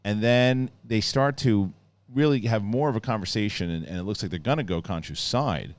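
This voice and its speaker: A man hosting a casual show, excitedly retelling scenes in a rambling way full of restarts. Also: lowish voice, normal speed. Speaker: show host reviewing a TV episode. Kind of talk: casual spoken review.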